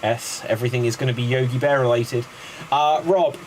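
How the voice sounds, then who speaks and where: A man's voice: mid-range voice, fairly even intonation, a little hiss or hum. A man hosting an improv comedy show, joking, laughing and calling on players. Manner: jokey, quick, laughing between prompts. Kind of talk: casual comedy banter.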